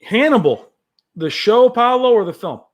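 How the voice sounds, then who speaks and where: A man hosting a casual live stream from home, reading viewer comments aloud and talking in a rambling, excitable way. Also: extremely high pitch, moderate pace. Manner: rambling, excitable, with frequent fillers. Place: at home with his cat.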